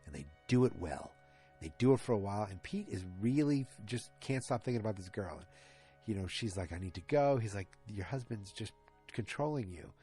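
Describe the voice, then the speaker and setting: A man with a low, slightly husky voice talks through a television episode in a casual, meandering podcast recap. He trips over words, restarts often and fills gaps with ums. Faint music sits in the background. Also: animated, brisk, dark tone. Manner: rambling, loose retelling with many fillers and restarts. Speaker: podcast host.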